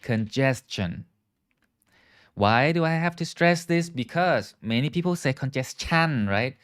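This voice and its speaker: A man's voice: fairly high pitch, lively intonation, moderate pace, smooth. A man teaching English live, explaining words and asking viewers to repeat after him. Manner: frequent "okay" and "right" checks. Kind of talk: live online English lesson.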